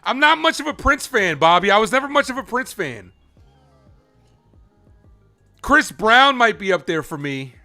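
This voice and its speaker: Animated high-voiced man calling baseball. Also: brisk, faint music behind. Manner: animated, chatty, jumps between chat and calling pitches. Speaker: live play-by-play streamer and host. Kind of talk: casual live baseball commentary and chat.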